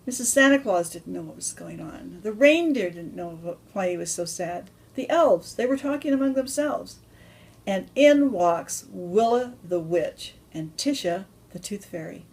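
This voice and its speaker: A woman's voice: fairly low pitch, expressive, a little slow, a little mellow. A woman telling an improvised story to children, loose and chatty with restarts.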